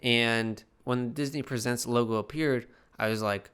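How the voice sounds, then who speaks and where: A man's voice: mid-range voice, measured pace, hardly any pauses, clear, resonant tone. Tipsy, profane man rambling a film review. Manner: rambling, profane, animated, with many restarts. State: slightly tipsy. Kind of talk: casual video review.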